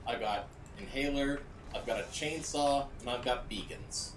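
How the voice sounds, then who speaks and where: A man's voice: mid-range voice, unhurried. A man gaming with friends, teasing them in a dry, sarcastic way. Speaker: player. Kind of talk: casual gaming chat. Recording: echoey, distant, noisy mic.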